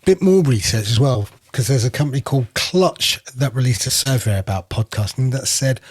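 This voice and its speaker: A man co-hosting a podcast news show, briskly introducing stories and moving things along. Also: mid-range voice, lively intonation, slightly rough, dry recording. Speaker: podcast co-host. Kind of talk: casual news chat.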